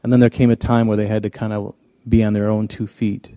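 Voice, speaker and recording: Folksy preacher man, mellow and dry. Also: on the low side, little pitch movement, quick pace, no room sound. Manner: folksy, storytelling, many restarts. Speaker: pastor. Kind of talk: conversational sermon.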